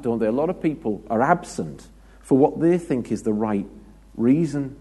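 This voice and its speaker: A man's voice: mid-range voice, expressive, moderate pace, warm tone, slightly rough. A British man preaching a conversational sermon, chatty and joking, with anecdotes and asides to the congregation.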